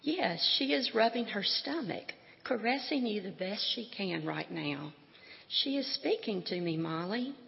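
A woman reading aloud and voicing a tender male God who answers gently and reassuringly, in a dull, echoey hall recording. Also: medium pitch, expressive, a little slow, creaky. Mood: gentle.

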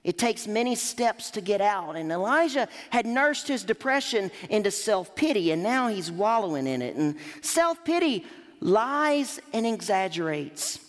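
A woman's voice: medium pitch, unhurried. A woman preacher delivering a sermon emphatically, rising and dropping her voice to drive points home. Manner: emphatic, lively rises and drops. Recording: long hall reverb.

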